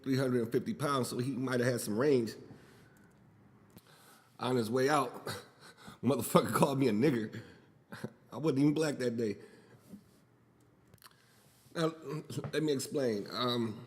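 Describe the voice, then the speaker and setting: A man whose first language is Spanish talks through a casual solo podcast from home, loose, profane and full of jokes. His voice sits at an ordinary middle pitch. The room gives it a long, hanging reverb. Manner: loose, profane, joking and rambling. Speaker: podcast host.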